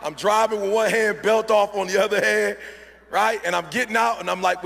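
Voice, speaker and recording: A man delivering an emphatic motivational speech, his voice high and gravelly. He repeats himself for effect and keeps checking in with the crowd. The sound rings through a large, reverberant hall. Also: fairly quick, fairly bright tone. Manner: emphatic, repetitive, addresses crowd often. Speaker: motivational speaker. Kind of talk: motivational speech to a live audience.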